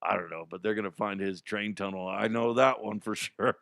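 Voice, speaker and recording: A man hosting a radio show, riffing on odd news stories in a loud, crude and profane way. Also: fairly low pitch, steady tone, a little fast, creaky, no room sound, clean studio sound. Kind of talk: crude comedic news talk.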